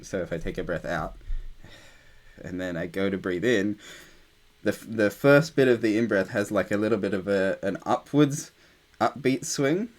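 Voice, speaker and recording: A man leading a group meditation discussion over a video call, talking loosely with many fillers. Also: on the low side. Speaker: meditation teacher.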